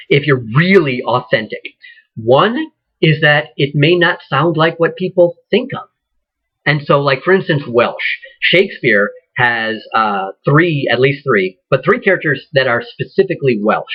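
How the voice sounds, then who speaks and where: A man teaching acting, speaking in a conversational, rambling way with many ums and restarts, his voice husky. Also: on the high side, muffled recording. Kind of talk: informal lecture.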